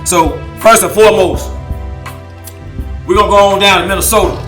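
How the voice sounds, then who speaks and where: A man from Memphis, hosting a casual sports talk show, hoarse from losing his voice and trash-talking with bursts of laughter. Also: high-pitched, a little fast, long pauses, over music. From Memphis, Tennessee. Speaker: host.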